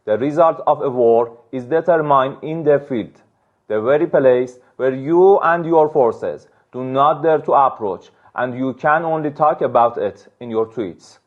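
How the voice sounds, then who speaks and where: Official, tinny clip. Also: male voice, medium pitch, unhurried. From Iran. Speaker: government official. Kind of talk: formal public statement.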